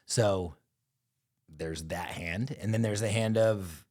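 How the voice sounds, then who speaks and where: A man co-hosting a podcast, ranting profanely in casual chat and turning reflective about running his business. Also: darkish tone. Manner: profane, fast ranting, drops into low reflective tone. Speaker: podcast co-host, business owner.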